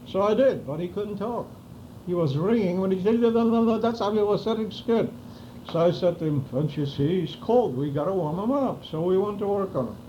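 A man's voice: high-pitched, lively intonation, moderate pace, warm tone, highs cut off, a little hiss or hum. Older man telling war stories. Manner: vivid storytelling, acting out dialogue. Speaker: interviewee recounting wartime memories. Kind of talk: oral history interview.

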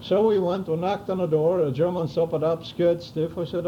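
A man's voice: high-pitched, fairly even intonation, normal speed, highs cut off, slight background noise. Older man telling war stories. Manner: vivid storytelling, acting out dialogue. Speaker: interviewee recounting wartime memories. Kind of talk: oral history interview.

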